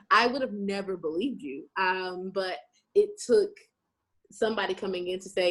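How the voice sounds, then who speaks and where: A woman's voice: medium pitch, moderate pace. A young woman from Louisiana, a guest telling stories in casual chat and acting out the conversations in them. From Shreveport, Louisiana, USA. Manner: animated, plays out conversations in quoted voices.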